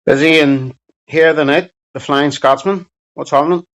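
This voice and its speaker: A man's voice: fairly high pitch, fairly even intonation, moderate pace, dull audio. A man with a Belfast accent chatting casually on a livestream, reading out chat and answering with sweary, mocking banter.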